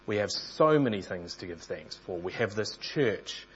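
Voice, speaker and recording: A man's voice: lowish voice, expressive, a little slow, a bit bright, slightly rough, lo-fi sound. A man preaching a sermon in an earnest storytelling manner, sometimes restarting phrases.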